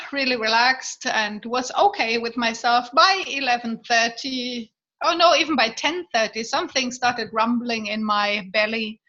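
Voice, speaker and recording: A woman tells a personal story in a loose, casual way, stopping often for fillers and restarts and breaking into laughter along the way. Her voice sits a little high and sounds bright. The recording is dull and lo-fi. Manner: halting, with many fillers and restarts; laughs often while telling. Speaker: guest sharing a birth story. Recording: dull lo-fi audio.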